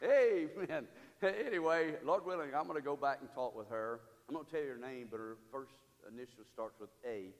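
A pastor preaching a sermon in a church, building from storytelling to loud call-and-response exhortation. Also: male voice, medium pitch, moderate pace, long reverb tail. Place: church sanctuary.

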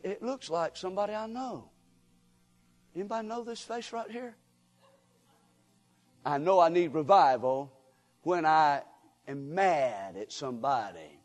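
Fiery high-voiced preacher in a hall. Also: male voice. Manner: swings between quiet asides and shouted exhortation; folksy, addresses crowd directly. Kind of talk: revival sermon. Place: church sanctuary. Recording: long hall reverb.

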